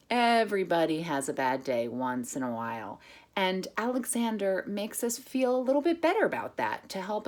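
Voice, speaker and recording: A woman music teacher reading a picture book aloud to children, chanting words in a steady rhythm and giving patient, step-by-step instructions. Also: on the low side.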